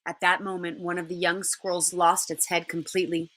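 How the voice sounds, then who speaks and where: A woman teacher reading a children's novel aloud in an expressive way. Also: fairly low pitch, fairly quick, few pauses.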